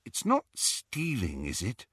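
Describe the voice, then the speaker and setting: A man voicing a brisk, clever, bossy young woman who talks in a quick, insistent way. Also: medium pitch, huge pitch swings, fairly bright tone, slightly rough, no room sound, studio quality, full character voice. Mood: coaxing.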